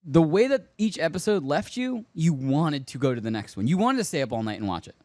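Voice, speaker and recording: A man's voice: on the high side, sing-song, brisk, a little mellow, no room sound. Eager rambling male podcast co-host. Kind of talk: casual chat.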